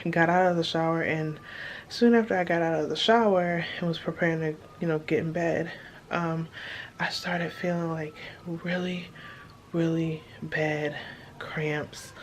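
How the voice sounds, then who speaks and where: A woman with a low voice gives a casual vlog update, full of fillers and out of breath. She records first in a car and then in a hospital room, with slight background noise.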